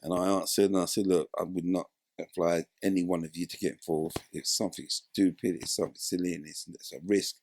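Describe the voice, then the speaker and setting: Low-pitched and brisk, barely pausing, the ex-footballer tells his story in a casual interview, animatedly imitating the voices of the people in it. The recording is dry.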